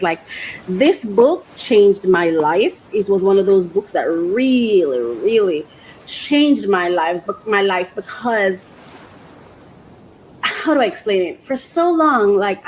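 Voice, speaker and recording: A woman hosting a faith podcast, talking casually and emotionally, laughing often and slowing down when she reads aloud. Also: on the high side, slight background noise, poor audio. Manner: emotional and expressive, laughs often, restarts sentences; slows down when reading aloud. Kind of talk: casual reflective monologue.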